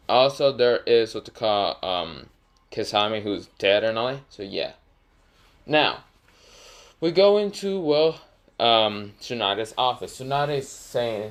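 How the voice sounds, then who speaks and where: A man's voice: on the low side, animated, slow. A man narrating an improvised fan story, rambling with lots of fillers and self-corrections.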